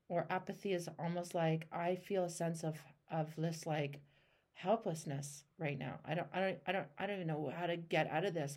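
A woman's voice: on the low side, darkish tone. A woman hosting a one-on-one coaching call, talking emphatically and acting out the voices in people's heads, with casual swearing. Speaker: life coach and show host.

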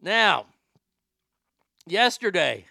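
A man's voice: sits high, sing-song, extremely slow, vocal fry, bright, forceful tone, dry recording. A man hosting a ranting commentary show, crude and mocking, often stammering and restarting his sentences. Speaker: commentary podcast host.

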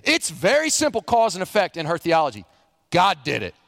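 A middle-aged man, a pastor preaching a sermon, animated, acting out the quotes he reads. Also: sits high, a little fast, creaky, no echo, studio quality.

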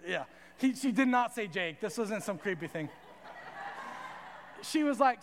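Young man, youth preacher, high voice, animated and conversational, long hall reverb. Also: measured pace, long pauses, a little hiss or hum. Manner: animated, conversational, asks "right?" often. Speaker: youth pastor. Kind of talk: sermon with storytelling. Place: large hall with audience.

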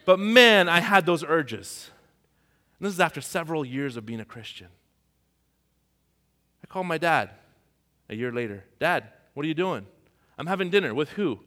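A man from Iran, a pastor, preaching a sermon and telling personal stories, his voice dropping to a hush and rising to near shouts. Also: a little high, lively intonation, brisk, pauses often. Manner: storytelling, swings from hushed to shouting. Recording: long hall reverb.

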